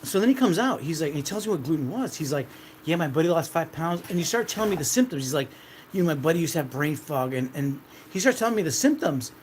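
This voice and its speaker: A man's voice: fairly high pitch, lively intonation, fast, a little hiss or hum. A man in his thirties casually telling a rambling, repetitive story from his own life, swearing now and then. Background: dogs.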